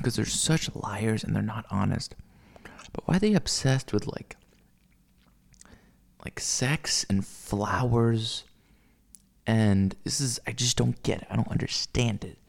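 A man talks straight to the camera in a loose, rambling rant. His voice has a gravelly, creaky edge. He swears freely and keeps circling back with fillers and restarts. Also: medium pitch, darkish tone. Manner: profane, ranting, with many fillers and restarts. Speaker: vlogger. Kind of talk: casual rambling monologue.

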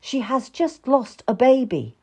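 A woman's voice: high-pitched, sing-song, a little slow, mellow, breathy edge, voice pushed up, heavily acted. A woman voicing a weary noblewoman, a worried mother who talks in a tired, resigned way.

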